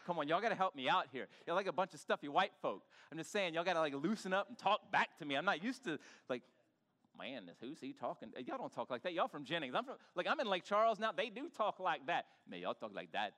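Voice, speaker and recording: A male pastor preaching an animated sermon in church, bantering with the congregation and urging them to talk back. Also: a little high, fast, hardly any pauses, long reverb tail. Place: church sanctuary.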